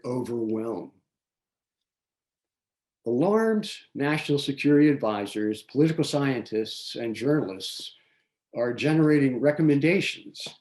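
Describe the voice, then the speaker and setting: A man hosting a local community forum, giving prepared political commentary in a measured way, reading from notes with small restarts. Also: medium pitch, a little mellow. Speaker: forum host.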